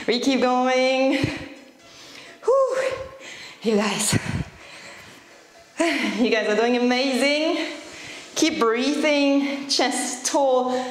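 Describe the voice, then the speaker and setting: A woman leading a workout as a fitness instructor, cheering people on with energetic cues while breathing hard. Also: high voice. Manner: encouraging, energetic cueing, out of breath at times. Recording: echoey room.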